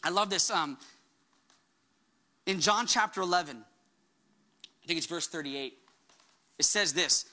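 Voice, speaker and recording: A woman's voice: on the low side, measured pace, pauses often, bright, forceful tone. A woman pastor delivering a sermon with emphatic preaching, acting out the words she quotes.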